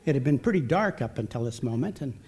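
At a church family event, a folksy man with a husky, mid-range voice tells a warm, humorous story woven with scripture. He talks fast and animatedly, chatty and self-deprecating.

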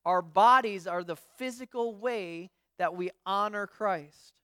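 A woman's voice: medium pitch, slow, pushed and bright, dry recording, clean studio sound. A woman pastor giving a conversational sermon, telling stories with frequent restarts and acting out what others say. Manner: storytelling, frequent restarts, acts out quoted voices.

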